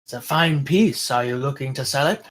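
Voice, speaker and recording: A man voicing a shrewd little male kobold jewel merchant who haggles with smooth, mock-courteous politeness. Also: mid-range voice, moderate pace, fairly bright tone, natural voice. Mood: sly.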